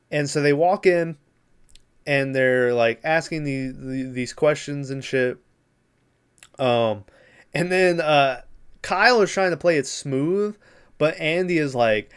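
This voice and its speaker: A man's voice: a little high, a little slow, clear, resonant tone. Rambling young man recapping a show. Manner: rambling, lots of fillers and swearing. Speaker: podcast host.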